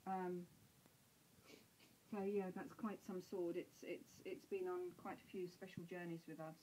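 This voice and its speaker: An older woman telling stories at home in a gentle way, with soft pauses and fillers. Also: fairly low pitch, fairly even intonation, slight background noise, low-quality recording. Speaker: interviewee. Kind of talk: home video conversation. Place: at home, indoors.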